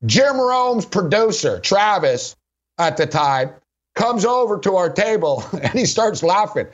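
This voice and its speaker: A man's voice: high-pitched, very animated, measured pace. Laughing, rambling man on a lo-fi recording. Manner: rambling, laughing often, heavy use of "like". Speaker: sports radio host. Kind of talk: casual anecdotal storytelling. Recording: dull lo-fi recording.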